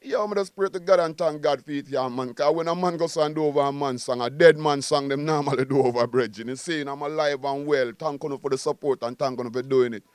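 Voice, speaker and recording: In a casual interview, a Jamaican guest musician talks quickly and boastfully in a fairly high, smooth voice. He's animated and keeps circling back to the same phrases. The recording is dry and close-miked.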